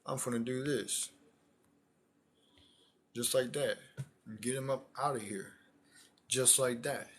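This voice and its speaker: A man giving casual, animated commentary, talking in slang and repeating phrases for emphasis. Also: medium pitch, takes it slowly, long pauses. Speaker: commentary streamer.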